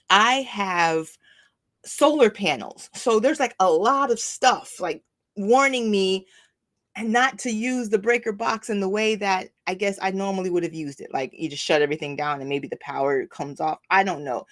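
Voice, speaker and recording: Middle-aged woman, spiritual coach, rambling livestream storytelling, animated, lots of fillers. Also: medium pitch.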